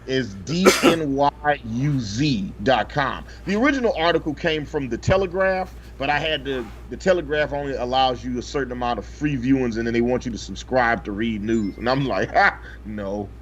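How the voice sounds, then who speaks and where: A man's voice: mid-range voice, normal speed, hardly any pauses. A man co-hosting a casual podcast, reading a news story aloud with profane, joking asides. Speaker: podcast co-host. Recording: slightly dull, faintly noisy podcast audio.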